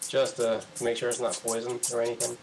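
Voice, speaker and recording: A man playing in a tabletop game, talking casually and haltingly with restarts. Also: medium pitch, completely flat delivery, over music. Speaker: player. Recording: noisy background.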